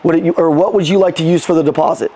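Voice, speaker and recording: A man's voice: a little high, fairly even intonation, dark tone. A man leading a live sales seminar, coaching the room with punchy call-and-response lines and casual, sometimes swearing talk. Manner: casual, swears, quick restarts. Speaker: sales trainer.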